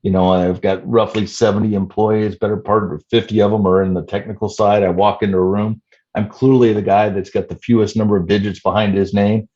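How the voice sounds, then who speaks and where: A man in his fifties, a startup CEO answering interview questions in a measured way with many "you know" fillers. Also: lowish voice, little pitch movement, warm tone, muffled recording. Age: 50s.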